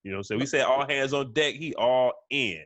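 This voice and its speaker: A man's voice: mid-range voice, a little fast, fairly bright tone, dry recording, muffled recording. A man co-hosting a sports podcast in casual chat, stumbling and repeating words, often saying "you know what I'm saying". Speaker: podcast co-host.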